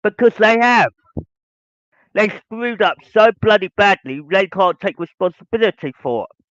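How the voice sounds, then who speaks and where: A man's voice: high-pitched, expressive, normal speed, fairly bright tone, dry recording. A man hosting a podcast monologue, lecturing his listeners in a ranting, repetitive way. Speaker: podcast host. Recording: dull lo-fi dry sound.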